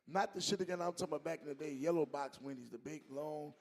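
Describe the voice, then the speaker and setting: A middle-aged man co-hosting a casual comedy podcast, telling stories in an animated, laughing way. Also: on the high side, fast. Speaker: co-host.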